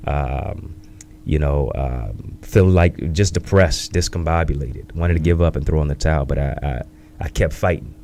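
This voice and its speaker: A man in his thirties, an author and speaker, telling his life story in an interview in a reflective, measured way, with catchy sayings. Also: extremely low pitch, dark tone, a little hiss or hum.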